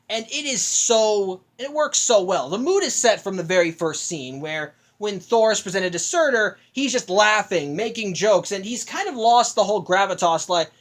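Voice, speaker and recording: A woman giving a casual, rambling, enthusiastic film review with many restarts. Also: mid-range voice.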